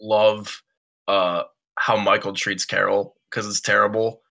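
Male panelist, bright tone, enthusiastic and casual. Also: fairly low pitch, level tone, unhurried, vocal fry. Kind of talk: casual chat.

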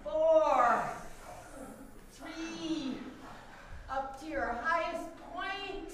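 A woman in a yoga class counting out a pose for the group in a commanding, drawn-out way. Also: high-pitched, fairly bright tone, recorded from a distance, slight background noise. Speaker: yoga student. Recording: echoey room, heard from across it.

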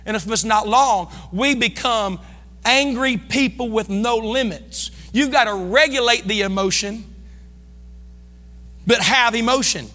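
A middle-aged man with a Midwestern American accent preaching a sermon as pastor, folksy, swinging between loud shouting and quiet asides. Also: extremely high pitch, unhurried. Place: church sanctuary. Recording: long church reverb.

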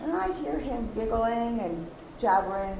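A woman's voice: fairly high pitch, animated, unhurried, vocal fry. Amused mother telling a story. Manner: amused, laughs while telling. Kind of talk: casual storytelling. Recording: echoey room with background noise.

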